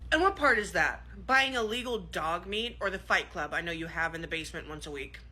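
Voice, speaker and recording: A woman's voice: lowish voice, lively intonation, brisk, sharp tone, breathy edge, pitched below the performer's own voice, exaggerated voice. A woman playing a firm, no-nonsense female health inspector in a comedy skit, blunt and curt.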